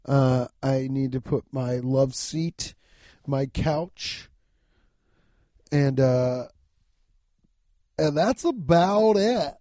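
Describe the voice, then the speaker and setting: Loud, profane young man podcasting. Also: mid-range voice, drawn-out words, long pauses, no echo, studio quality. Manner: loud, rambling, profane, laughing at his own jokes. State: yawning, lying down. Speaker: podcast host. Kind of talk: casual solo podcast rambling.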